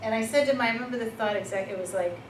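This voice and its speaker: A woman presenting a workshop, telling personal stories in a lively, informal way and laughing at herself. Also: fairly high pitch, very fast. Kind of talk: personal storytelling in a workshop talk. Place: workshop room. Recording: echoey room, far from the mic, noisy.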